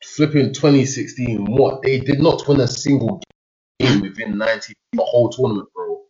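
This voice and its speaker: A man's voice: medium pitch, moderate pace, dark tone. A young man, chatting casually about football, analytical but slangy. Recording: dull lo-fi audio.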